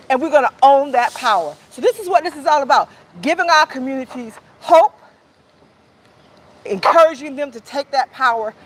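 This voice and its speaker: A woman's voice: sits high, poor audio. A woman speaking at a press conference who leads the crowd in call-and-response chants and draws out her key words. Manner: rousing, leads chants and shouts slogans. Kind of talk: rally speech with call-and-response.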